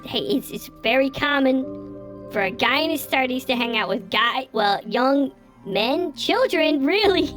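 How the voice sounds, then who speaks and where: A man streaming live while voicing a crude, foul-mouthed little male pet creature that lives in a cage, with rowdy, profane banter. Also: very high voice. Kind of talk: live stream character bit. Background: faint creepy game music.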